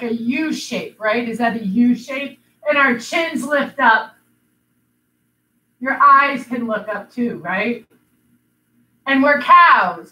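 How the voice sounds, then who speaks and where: A woman guides children through yoga poses in a bright, high voice, teasing them with silly animal noises. She speaks slowly and patiently, and the sound comes from across an echoey room, far from the mic. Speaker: kids' yoga instructor.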